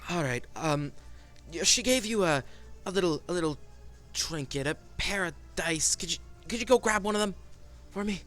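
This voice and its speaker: A man's voice: sits high, animated, moderate pace, pushed and bright, soft background music, pitched above the performer's own voice. A man voicing a drow elf craftsman father who talks in flustered, grumbling bursts and sighs over his absent wife. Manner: flustered, sighing, muttering complaints.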